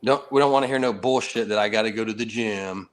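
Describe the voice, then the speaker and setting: A man hosting a casual livestream chat in a fairly low voice. He talks in a relaxed, easygoing way, laughs often and swears without a second thought. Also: fast. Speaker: livestream host.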